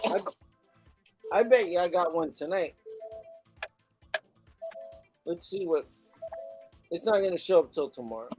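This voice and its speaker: A high-pitched man tells animated stories in a relaxed chat about his job as a delivery driver. His voice is dry and close, and faint music plays behind him. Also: normal speed, breathy edge, no echo, rough recording. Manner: animated storytelling, frequent swearing. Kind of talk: casual chat.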